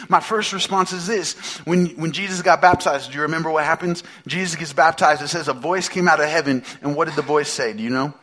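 A male pastor delivers a sermon in a loose, conversational style, turning often to the congregation with questions. His voice is bright, forceful and sits a little high for a man. He leans hard on repeated phrases to drive each point home. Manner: emphatic, repeats phrases for stress.

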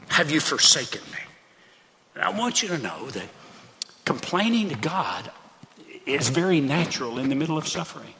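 In a church sanctuary with a reverberant sound, a pastor delivers his sermon a little fast in a high, bright, forceful voice. He is animated and earnest yet conversational, and repeats his phrases often.

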